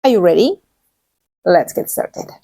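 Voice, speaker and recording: A woman's voice: lowish voice, very animated, a little slow. Woman teaching English in patient steps. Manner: clear, patient teaching with repeated model phrases. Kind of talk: video English lesson.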